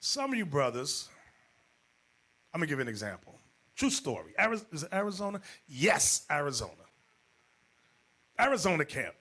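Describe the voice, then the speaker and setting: A man preaching as a bishop in a Bible class, telling stories in an animated way and acting out the people in them, sometimes shouting. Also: a little high, normal speed, pauses often. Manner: animated, acts out quotes, jumps to shouting. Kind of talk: storytelling Bible class sermon.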